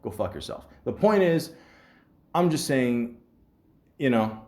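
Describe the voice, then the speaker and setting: A man's voice: mid-range voice, big pitch swings, slow pace, darkish tone. A man hosts his podcast and tells a story in a loose, rambling way. He swears often and trips over restarts. His voice rises and falls with a lot of movement. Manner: profane, rambling, stammers restarts. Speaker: podcast host. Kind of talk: casual storytelling.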